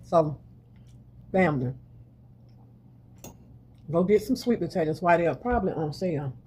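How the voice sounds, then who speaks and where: A middle-aged woman with a slightly low voice talks to her viewers about a home-cooked dish, calling them "y'all" as she goes. Her easygoing, homey chat is recorded in a kitchen with a faint hiss underneath. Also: animated, moderate pace, mellow. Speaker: cooking channel host. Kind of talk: casual cooking chat to viewers.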